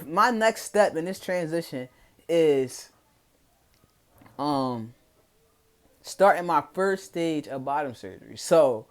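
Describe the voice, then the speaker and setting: A young man with a Philadelphia accent telling a casual, profane, slang-heavy story to his followers. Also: high-pitched. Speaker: vlogger.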